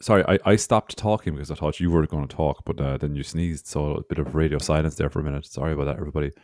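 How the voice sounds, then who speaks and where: Brief: low-voiced male podcast co-host, loose and teasing, dry close sound. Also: fairly even intonation, rapid-fire, a little mellow, no room sound. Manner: loose, swears freely, teasing. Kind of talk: casual chat.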